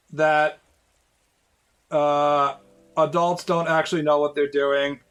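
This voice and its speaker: A man's voice: a little high, level tone, takes it slowly, pauses often, fairly bright tone, smooth. A man in his late thirties, a streamer casually telling rambling, profane stories to his viewers with lots of fillers. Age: 30s.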